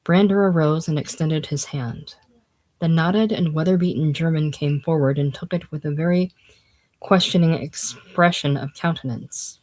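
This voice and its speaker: A casual reader narrating a classic novel aloud in a plain, unhurried way, dropping lower and quieter on speech tags. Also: poor audio. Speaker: audiobook reader.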